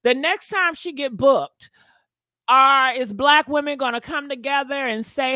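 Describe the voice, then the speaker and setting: A woman's voice: high-pitched, unhurried, sharp tone, no room sound, studio quality. A woman hosting a casual livestream gossip show, ranting to her chat in a sassy, profane way and repeating herself for emphasis.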